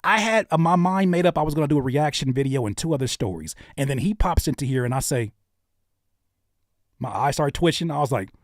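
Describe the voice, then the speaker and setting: Animated man hosting a live stream. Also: on the high side, no room sound, clean studio sound. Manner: animated, quick shifts between shouting and muttering. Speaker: host of a live stream channel. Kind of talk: casual live stream commentary.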